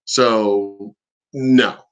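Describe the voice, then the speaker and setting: A man's voice: on the low side, fairly even intonation, extremely slow, clean tone. A man from the East Coast ranting bluntly and animatedly on his vlog, cursing freely. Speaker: vlogger. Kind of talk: casual profane rant.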